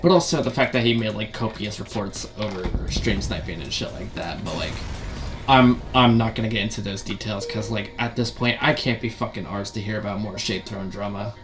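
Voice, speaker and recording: A man's voice: on the low side, a little fast. A man ranting as a gaming video commentator, frustrated and profane, full of rhetorical questions and repeated fillers.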